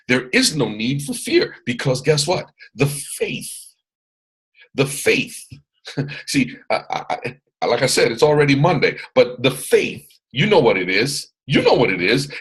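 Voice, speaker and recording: Loud motivational guy on a video call, husky voice, repeats himself like a preacher. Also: mid-range voice, sing-song, a little slow, poor audio. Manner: boisterous, preacher-like repetition. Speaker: mentor hosting a training call.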